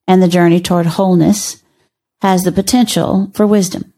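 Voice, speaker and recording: An older woman, a guest on a podcast, telling stories in a measured, wry way. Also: lowish voice, fairly even intonation, dark tone. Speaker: podcast guest, teacher and author. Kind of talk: conversational storytelling.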